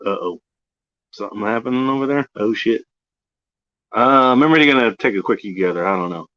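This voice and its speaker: A man's voice: lowish voice, a little fast, fairly bright tone. A man hosting a casual livestream chat, easygoing and profane, laughing often. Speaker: livestream host. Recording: slightly muffled lo-fi audio.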